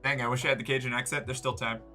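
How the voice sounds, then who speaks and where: A man's voice: medium pitch, fairly even intonation, very fast, pushed and bright, soft background music. An American man chatting casually with viewers on a livestream, rambling with lots of fillers and swearing freely. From United States.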